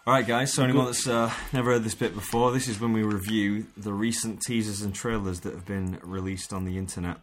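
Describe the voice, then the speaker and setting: A man's voice: fairly low pitch, fairly even intonation, a little fast, few pauses, slight background noise. A man in his young adult years hosting a podcast, laid-back and sweary as he leads the segments. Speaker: podcast host. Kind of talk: casual banter.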